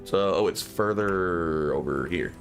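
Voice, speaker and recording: A man's voice: sits low, unhurried, creaky, faint music behind. A man streaming a video game, giving casual commentary and chatting aloud to his viewers. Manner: chatty, musing aloud to chat.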